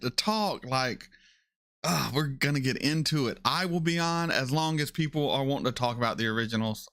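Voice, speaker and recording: Male host doing a casual livestream with a bright, crisp voice. Opinionated, says his points twice, and his pitch jumps up when he gets excited. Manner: opinionated, repeats himself for emphasis. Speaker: reaction channel host.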